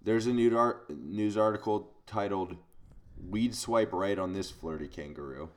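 Wry male co-host, lowish voice, deadpan news reader among friends. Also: measured pace. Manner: wry, reads news headlines aloud. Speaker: podcast co-host. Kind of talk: casual chat.

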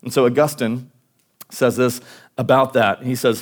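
A pastor delivering a sermon at a church service, talking informally with many restarts and fillers. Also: male voice, mid-range voice, fairly even intonation, normal speed.

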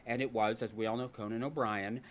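A man's voice: medium pitch, a little fast. A man hosting a casual podcast, telling stories and ranting with jokes. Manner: animated, ranting, jokey storyteller. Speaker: podcast host. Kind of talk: casual chat.

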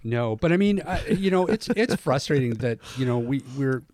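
A Canadian man hosting a casual podcast chat, talking in halting bursts with many restarts. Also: mid-range voice, expressive, darkish tone, no echo, clean studio sound. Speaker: podcast host.

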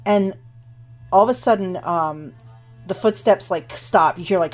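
A woman's voice: medium pitch, a little mellow, faint music behind. A woman running a tabletop game as game master, narrating at an easy pace with many fillers. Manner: unhurried, with many fillers like um and kinda.

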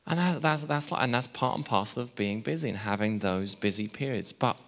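Chatty preacher in a reverberant hall. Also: male voice, medium pitch, fairly quick, hardly any pauses. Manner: chatty, warm asides, laughs at himself. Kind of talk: sermon.

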